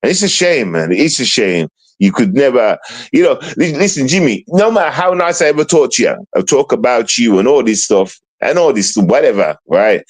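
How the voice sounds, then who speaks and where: A man's voice: medium pitch, sing-song, brisk. A middle-aged man, ranting on a live stream in a rambling, heavily swearing way. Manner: rambling and heavy-swearing, full of repeated fillers. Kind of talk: casual live-stream rant.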